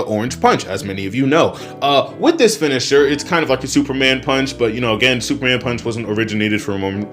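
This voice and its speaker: Profane rambling man reviewing wrestling. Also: medium pitch. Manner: rambling, profane, excitable, laughs often. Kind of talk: casual review monologue.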